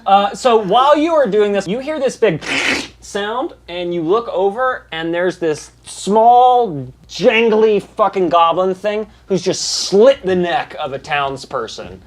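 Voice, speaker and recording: Brief: male game master, casual and profane, animated delivery. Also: high-pitched, unhurried, a little hiss or hum. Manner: casual, profane, animated storytelling with sound effects. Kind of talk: narrating a tabletop game.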